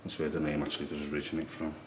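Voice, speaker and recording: Man, very deep monotone voice, hushed tour-guide vlog, echoey room with noise. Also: very fast. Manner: hushed, low-key explaining. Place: museum in an old priory, indoors.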